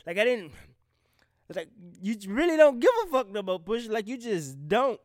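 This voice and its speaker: A man from the American South, talking bluntly and with a lot of swearing in a casual, unscripted commentary, animated and often breaking off mid-sentence. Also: high voice, moderate pace, no room sound, studio quality. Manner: blunt, profane, animated, trails off and restarts. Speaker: vlogger reacting to rap beef.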